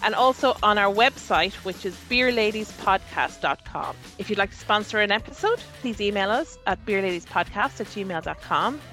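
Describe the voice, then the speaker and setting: A woman reads scripted show notices for a podcast in an upbeat manner, her voice bright and forceful. Faint music plays underneath. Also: medium pitch, animated, normal speed, hardly any pauses, rough recording. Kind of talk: scripted announcement.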